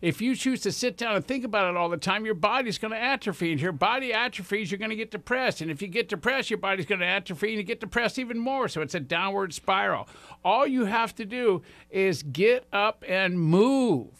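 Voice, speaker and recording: A man's voice: sits high, lively intonation, brisk, a bit bright, no room sound. A man in his sixties hosting a radio show, giving enthusiastic, rambling motivational talk straight to his listeners. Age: 60s.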